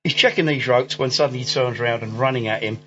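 A man hosting a podcast recaps a movie plot in casual chat, rambling and laughing, full of ums and restarts. He talks fast, with a mid-range voice and sharp tone. The audio is dull and lo-fi, with faint music.

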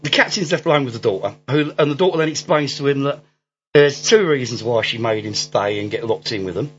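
The man hosting this podcast speaks at a medium pitch, fairly quick and fairly bright, as he recaps a movie plot in casual chat, rambling, laughing, and stumbling through ums and restarts. The recording is dull lo-fi with faint music.

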